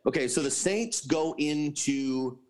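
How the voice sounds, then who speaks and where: A man's voice: a little high, takes it slowly, a little mellow. A man co-hosting a casual sports betting chat, moderating the picks with teasing asides.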